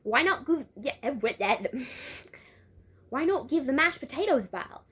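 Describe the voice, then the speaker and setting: A woman voicing an easygoing Australian teenage girl with an exaggerated Australian accent, pitched a little higher. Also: animated, unhurried, a bit bright. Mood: breezy. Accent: put-on Australian.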